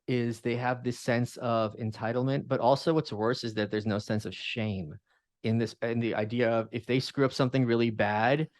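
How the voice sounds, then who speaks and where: A man in relaxed conversation who argues his point with emphasis, breaking into quick asides and restarting his sentences. His voice sits in a middle register and is recorded close and dry, with no room sound around it. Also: mid-range voice, dry recording. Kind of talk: casual conversation.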